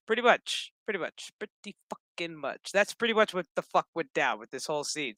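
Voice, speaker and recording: A man's voice: on the high side, very animated, brisk, few pauses, bright, forceful tone, no echo, poor audio. A man casually recapping a TV episode in a rambling, joking way, swearing constantly. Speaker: gaming channel host.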